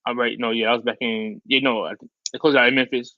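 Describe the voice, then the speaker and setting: Fast-talking excitable man, lo-fi sound. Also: mid-range voice, no echo. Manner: excitable, rambling, lots of fillers. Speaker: podcast co-host. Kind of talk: casual basketball talk. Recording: dull lo-fi sound.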